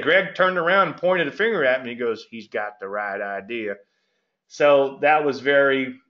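A middle-aged man hosting a casual trading commentary, gregarious and rambling, often breaking off mid-sentence. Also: medium pitch. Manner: gregarious, rambling, self-interrupting. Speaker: market analyst and show host. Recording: dull lo-fi audio.

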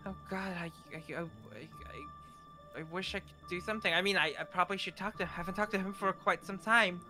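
A man's voice: high-pitched, moderate pace, bright, forceful tone, soft background music. A man roleplaying in a Minecraft series who talks in a flustered, stammering way and keeps repeating words. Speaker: roleplay player.

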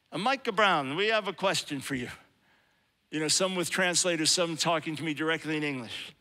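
A man preaches in a big reverberant hall, his voice high and bright. He tells a story with animation and briefly acts out the people in it. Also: animated, normal speed. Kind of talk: sermon storytelling.

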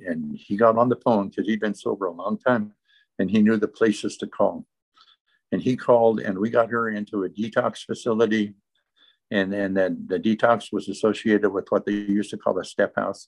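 A man's voice: fairly low pitch, low-quality recording. A man sharing his recovery testimony as an interview guest, telling the story earnestly and in close detail.

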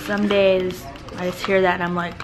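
A woman's voice: fairly low pitch, flat delivery, normal speed, very noisy. A woman, a mother and vlog host, chatting casually to the camera outdoors and slipping into a sing-song baby voice with her kids and puppies. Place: outdoors in a neighborhood street.

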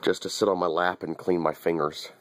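A man's voice: low-pitched, level tone, a little fast, a bit bright, a little hiss or hum. A man giving a wry, teasing running commentary as he films his little dog, often repeating himself. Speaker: dog owner filming his pet. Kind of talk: casual running commentary to camera.

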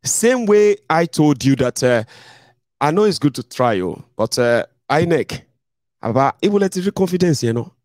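A man's voice: on the high side, very animated, normal speed, darkish tone, dry recording, studio quality. A young adult man with a Nigerian accent, giving a blunt, mocking political commentary to his viewers. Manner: blunt, mocking, mimics others in a raised voice. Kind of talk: casual monologue to viewers.

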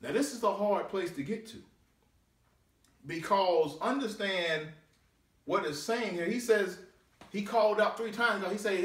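A man, a deacon, preaching a sermon with drawn-out scripture readings and swooping pitch. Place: church sanctuary. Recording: echoey church room, mic at a distance.

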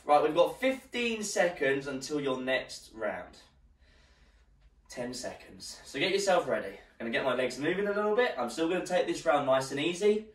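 A man's voice: on the high side, expressive, moderate pace. Encouraging male fitness instructor in a roomy space. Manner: encouraging, counts down rounds while exercising. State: slightly out of breath. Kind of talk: live workout class instruction. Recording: roomy echo, distant mic.

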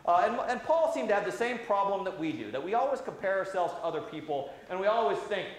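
High-voiced priest in echoey church. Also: male voice, big pitch swings, quick pace. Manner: gentle, conversational, frequent "uh" fillers. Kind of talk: children's sermon. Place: large church sanctuary. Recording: very echoey church hall, faint hiss.

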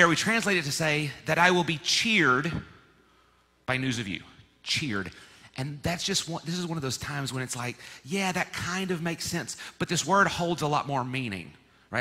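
Man, pastor, sermon, bright forceful voice, playful teaching, long church reverb. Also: fairly high pitch. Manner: lively, playful teaching, leads congregation in repeating words. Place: church sanctuary.

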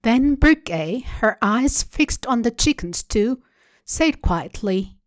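Woman, story reader, slow pace, measured, dry close recording. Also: fairly high pitch, expressive, no echo. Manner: measured, deliberate reading. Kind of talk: literary reading.

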